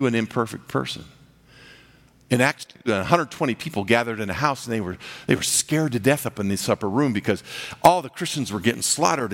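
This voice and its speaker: A man preaching a sermon, swinging from big rising passages to near-whispers. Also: creaky. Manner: dynamic preaching, swelling loud and high then dropping to a hush. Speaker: pastor. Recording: reverberant hall.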